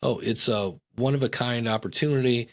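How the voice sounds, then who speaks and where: A man's voice: mid-range voice, fairly quick. Middle-aged guy on a podcast, chatty storyteller, does little voices for the people in his stories. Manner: animated storyteller, acts out voices in anecdotes. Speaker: podcast guest. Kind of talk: casual storytelling chat.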